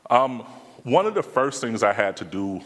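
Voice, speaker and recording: A man's voice: medium pitch, big pitch swings, normal speed, a bit bright. A man speaking casually in slang, answering audience questions at a live talk. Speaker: conference speaker. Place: conference hall. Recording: long hall reverb.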